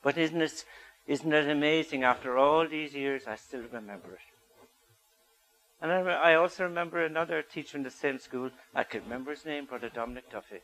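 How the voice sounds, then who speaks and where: An older man tells personal stories to an audience in a public talk. His voice has a bright, forceful edge, and he keeps turning questions back to his listeners. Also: fairly high pitch, a little fast, poor audio. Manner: storytelling, asks the audience questions. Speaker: speaker.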